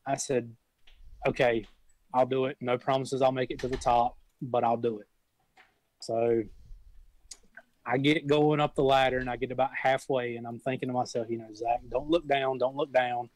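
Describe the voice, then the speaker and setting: A man's voice: mid-range voice, level tone, moderate pace, pauses often, no room sound, poor audio. A young man, a volunteer firefighter, telling stories in a rambling, folksy way with frequent restarts. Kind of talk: casual storytelling.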